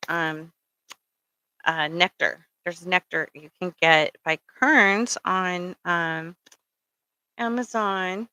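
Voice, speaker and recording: Rambling through casual spiritual advice, a middle-aged woman with a lowish, sharp voice fills her talk with ums and keeps checking in with "okay?". The recording is low quality, with no room sound.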